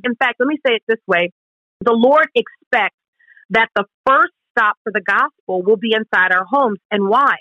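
A woman's voice: on the high side, no room sound, muffled recording. A woman co-hosting a Christian radio talk show, explaining Scripture in an earnest, emphatic way. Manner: earnest, emphatic, acts out quoted questions. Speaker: radio co-host.

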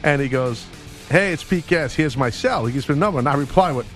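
A man's voice: on the high side, animated, fast, faint music behind. A man co-hosting sports radio, rambling in loose slang and calling people dude and bro. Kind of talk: casual sports radio banter.

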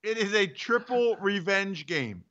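A man's voice: high voice, expressive, a little slow, fairly bright tone. A man co-hosting a sports-betting show, teasing and mocking in casual banter. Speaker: co-host. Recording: dull lo-fi audio.

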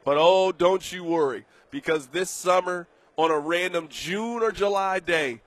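A man hosting a sports radio show, delivering an animated, emphatic, joking monologue from a studio. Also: high voice, a little slow, dry recording.

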